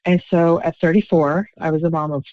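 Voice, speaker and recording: A woman's voice: low voice, fairly even intonation, brisk, no room sound, muffled recording. A woman in her fifties, an author telling her story in a podcast interview over the phone, wry and self-deprecating. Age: 50s. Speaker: author, guest. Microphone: phone call.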